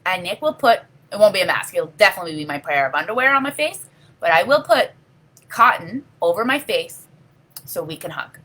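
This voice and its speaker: A woman's voice: lowish voice, lively intonation, brisk, sharp tone. A middle-aged woman hosting a casual live video, talking earnestly and rambling while answering viewer comments. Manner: earnest, heartfelt, rambling with frequent you know. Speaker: livestream host.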